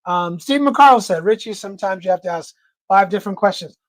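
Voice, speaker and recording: A man with an American accent hosting a casual livestream chat, joking around and reading viewer comments aloud in a quick, loose way. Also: sits high, expressive, dry recording. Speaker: livestream host.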